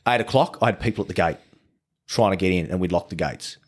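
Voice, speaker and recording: Speaking quickly with a breathy edge, this low-voiced man is a podcast guest telling loose, casual stories. He is blunt, curses freely, and keeps stopping and restarting his sentences while working through the details.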